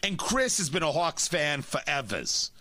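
Brash defiant young woman, swooping and bright, a man sending her up, dry close mic. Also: fairly high pitch, very animated, measured pace, no room sound, pitched below the performer's own voice, heavily acted. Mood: indignant. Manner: mocking, exaggerated retelling.

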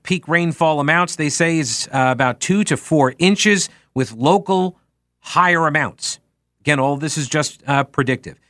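Talk radio host, male, bright and forceful, sarcastic ranter, dry studio sound. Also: medium pitch, no echo. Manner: sarcastic, ranting, many fillers. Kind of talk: casual talk radio monologue. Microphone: studio microphone.

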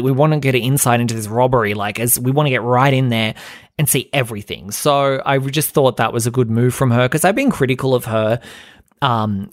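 A man chatting casually as a podcast host, gossipy and animated, slipping into dramatic impressions. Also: medium pitch, dry recording, clean studio sound. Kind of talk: casual chat recap.

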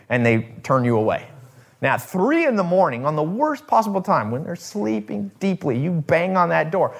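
A man's voice: fairly high pitch, expressive, a little fast, vocal fry. A man hosting a casual talk to his viewers, rambling with restarts and swearing, acting out the people he quotes. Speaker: host.

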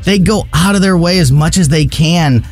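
A man's voice: fairly high pitch, moderate pace, darkish tone, soft background music. A man co-hosting a talk radio show, giving opinionated commentary in an indignant, mocking way.

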